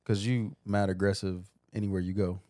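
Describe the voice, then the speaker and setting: A man's voice: low-pitched, steady tone, normal speed, darkish tone, dry recording, clean studio sound. A man with Michigan roots who grew up in the South, co-hosting a casual podcast chat in an easygoing, hesitant way. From Michigan roots, raised in the South. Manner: easygoing, hesitant, many fillers. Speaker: podcast co-host.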